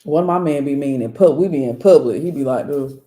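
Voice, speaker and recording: A spiritual reader hosting her own channel chats casually and candidly with viewers, telling stories with frequent laughs and blunt, profane asides. Her voice sits low and warm, and she talks fast.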